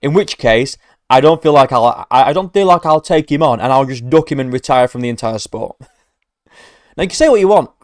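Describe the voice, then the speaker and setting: Male MMA reaction host, mocking and sarcastic, swears freely, mid-pitched voice, dry close recording. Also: expressive, fairly quick, dry recording. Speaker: MMA commentator reacting to a trailer. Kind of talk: profane reaction commentary.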